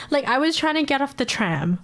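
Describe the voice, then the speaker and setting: A woman's voice: high voice, fairly bright tone. A woman streamer chatting casually, ranting with frequent swearing and laughter. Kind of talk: casual live-stream chat.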